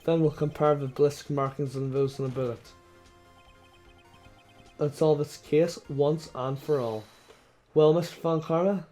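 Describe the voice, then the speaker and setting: A man's voice: on the high side, measured pace, long pauses, faint music behind, natural voice. A man reading as a confident young defense attorney. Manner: steady, methodical argument. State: hoarse.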